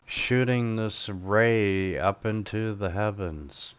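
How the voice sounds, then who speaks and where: A man running a tabletop game as game master, narrating slowly with many fillers and pauses. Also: on the low side, clean tone, dull audio. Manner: slow, halting, with many fillers.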